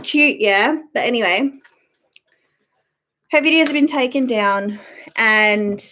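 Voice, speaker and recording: A young woman with a high voice talks straight into a webcam mic at home during her live stream. Her tone is blunt and irritated, and she swears freely while greeting chat viewers by name. The delivery stays casual and off the cuff. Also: takes it slowly, long pauses, bright, forceful tone, a little hiss or hum. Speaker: YouTube livestream host.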